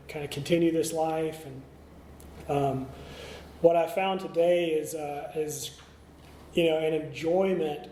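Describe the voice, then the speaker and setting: At a recovery meeting, a middle-aged man candidly tells his story, full of fillers and restarts. His voice is fairly high yet dark, with slight background noise; the meeting room is echoey with faint ambience.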